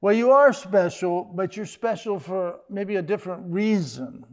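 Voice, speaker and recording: A man's voice: sits high, measured pace, a little mellow. An older man preaching a sermon as pastor, in a conversational style with joking asides.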